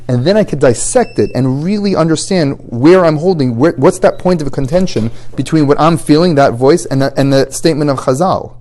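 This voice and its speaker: A man's voice: on the high side, lively intonation, moderate pace, hardly any pauses, mellow. A man, a rabbi, giving a short ethics talk to students, earnestly explaining and acting out both sides of everyday conversations. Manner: earnest, explanatory, rising intensity on key points.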